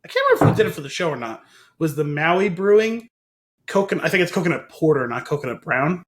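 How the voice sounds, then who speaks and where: A man with a somewhat high voice chats casually as a podcast co-host. He rambles through a long retelling, pausing and laughing as he goes. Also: lively intonation. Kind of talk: casual chat.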